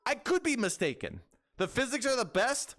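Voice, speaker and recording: Young male streamer, joking and rambling, high animated voice, faint music. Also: normal speed. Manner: joking, rambling, talks to chat. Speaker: VTuber streamer. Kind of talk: casual livestream chat.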